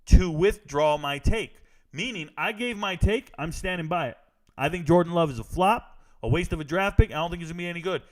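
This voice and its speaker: A man hosting a casual livestream, ranting bluntly and reading chat, a former army first sergeant who repeats his points with emphasis. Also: sits high. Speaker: show host reading chat.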